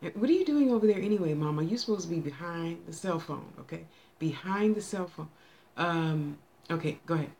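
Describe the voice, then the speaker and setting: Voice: mid-range voice, lively intonation, brisk, a little mellow, a little hiss or hum. A psychic medium doing a casual live reading, chatting aloud with spirits in a folksy, bossy manner and stretching words out.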